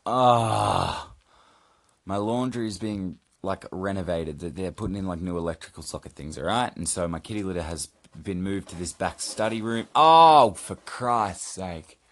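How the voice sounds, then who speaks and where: A man's voice: deep voice, normal speed. A man hosting a casual solo podcast check-in from home, rambling and swearing, mocking himself and scolding his cat. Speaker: podcast host.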